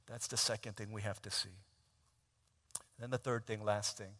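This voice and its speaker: A man preaching a sermon, retelling a film scene in a conversational way, dropping to a hush and rising to loud emphasis. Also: medium pitch, fairly even intonation, moderate pace, slightly rough. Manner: conversational storytelling, swings from hushed to shouted. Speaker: pastor.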